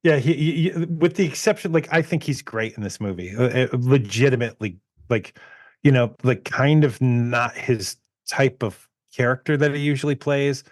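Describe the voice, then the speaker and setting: A man's voice: medium pitch, normal speed, no echo, studio quality. A man co-hosting a movie podcast in casual chat, rambling and laughing as he retells anecdotes. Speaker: podcast co-host.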